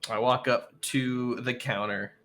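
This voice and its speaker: A tabletop game player describing their moves, animated and hesitant at times. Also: medium pitch, slow, soft background music. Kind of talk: casual tabletop game chat.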